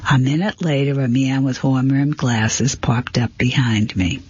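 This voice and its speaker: A man narrating a first-person mystery story in a steady, plain manner, on a dull, lo-fi recording. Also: mid-range voice, measured pace, husky, no echo. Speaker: audiobook narrator. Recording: dull, lo-fi, dry.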